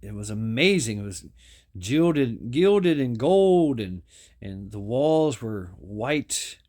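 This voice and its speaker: Slow talking guy telling a story, rambly, lots of uhs and restarts. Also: medium pitch, big pitch swings, a little mellow. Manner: rambling, many restarts and fillers, laughs at own story. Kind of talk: casual spoken storytelling.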